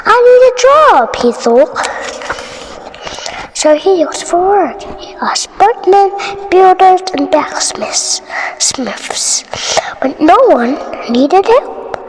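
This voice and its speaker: A woman with an Indonesian accent reading a bedtime story aloud in a soft, often whispery voice. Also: very high voice, animated, extremely slow, long pauses. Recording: reverberant room, faint noise.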